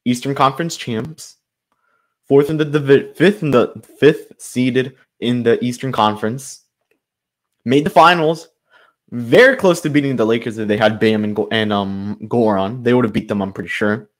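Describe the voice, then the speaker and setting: A man's voice: mid-range voice, normal speed. A man hosting his own sports channel, giving a frustrated, loosely improvised commentary rant full of restarts.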